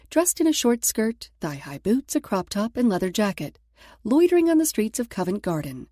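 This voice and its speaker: Woman narrating an audiobook, mellow warm voice, dry close sound. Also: mid-range voice, dry recording. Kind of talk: scripted narration.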